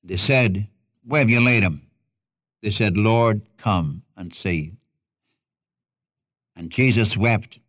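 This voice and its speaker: A man's voice: fairly low pitch, slow, long pauses, fairly bright tone, no room sound, clean studio sound. A man preaching a sermon in an earnest, folksy way, asking rhetorical questions and speaking straight to his listeners as a Bible teacher.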